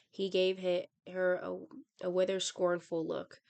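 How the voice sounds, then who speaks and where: A woman reading a book aloud in a steady, unhurried way. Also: lowish voice, creaky, clean tone.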